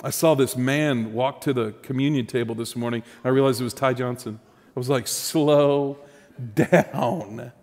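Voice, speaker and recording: A man's voice: medium pitch, fairly even intonation, a little fast, a little mellow, in a large hall. A man preaching a sermon as pastor, conversational and humorous, with asides to the congregation.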